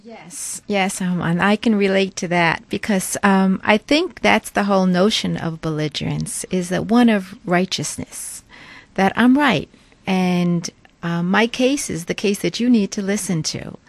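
A woman co-hosting a radio talk show, speaking thoughtfully and pausing often as she works through her ideas. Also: medium pitch, no echo. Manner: thoughtful, hesitant with fillers.

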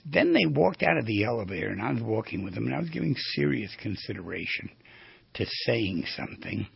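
A male therapist giving a storytelling lecture on the voice, animated and asking his audience questions. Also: on the low side, a little fast, dry recording, highs cut off. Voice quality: very raspy, gravelly.

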